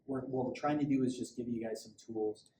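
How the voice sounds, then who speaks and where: A middle-aged man who works as a police officer talks through safety tips in a loose, rambling way, often restarting his sentences. His voice is mellow and relaxed. The recording carries a roomy echo with a faint hum behind it. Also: mid-range voice, a little fast. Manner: conversational, rambling, with repeated restarts. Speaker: police sergeant giving safety training. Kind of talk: casual spoken safety talk. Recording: echoey room, faint background hum.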